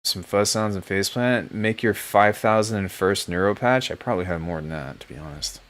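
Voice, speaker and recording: A man hosting a live stream from home as a music producer, chatting casually in a relaxed, joking way. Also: fairly low pitch, fairly quick. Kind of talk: casual livestream chat.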